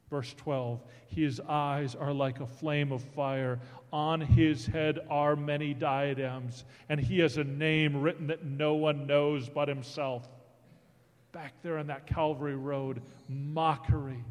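A man's voice: fairly even intonation, slow. Man preaching in a reverberant hall. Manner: dramatic, swings from hushed to booming. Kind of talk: sermon reading scripture aloud.

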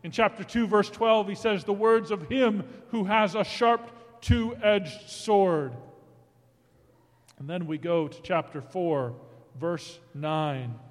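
Man preaching in a reverberant hall. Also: takes it slowly. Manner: dramatic, swings from hushed to booming. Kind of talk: sermon reading scripture aloud.

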